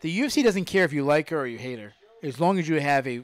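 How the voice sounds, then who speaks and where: A man's voice: on the high side, expressive, fast talker, no echo. A man hosting a casual fight-night podcast, rambling and restarting his phrases as he chats into a studio mic. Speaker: podcast host. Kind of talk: casual MMA commentary chat. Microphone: studio microphone.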